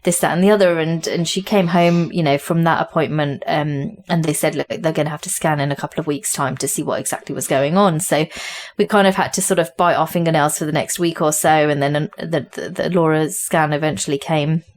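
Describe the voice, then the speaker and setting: A woman with a British accent, a podcast guest telling a personal story in animated conversation, with quick restarts and frequent laughter. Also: deep voice.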